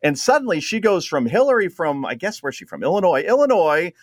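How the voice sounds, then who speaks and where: A man hosting a radio talk show, sarcastic and quick to laugh at his own jokes while he cues up clips. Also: sits high, sing-song, dry recording, studio quality. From New Jersey.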